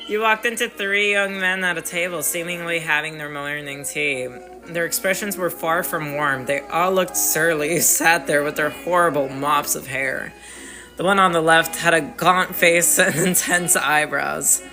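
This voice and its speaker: A man's voice: fairly high pitch, steady tone, unhurried, bright, forceful tone, faint music behind. A man streaming a live game, reading the story aloud with frequent giggles. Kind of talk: live game read-through.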